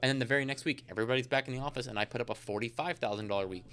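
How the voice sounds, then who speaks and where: Brief: man, podcast guest, rapid rambling delivery, smooth crisp voice, lowish pitch. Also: a bit bright. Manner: fast, rambling storyteller with many fillers. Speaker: insurance agent guest. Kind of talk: casual podcast interview.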